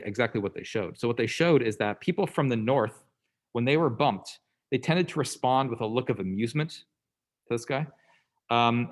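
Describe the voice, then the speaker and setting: A man lecturing a class in a conversational way, often checking in with "okay?" and "right?" and briefly acting out the people in his examples. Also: mid-range voice. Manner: acts out quoted people in passing.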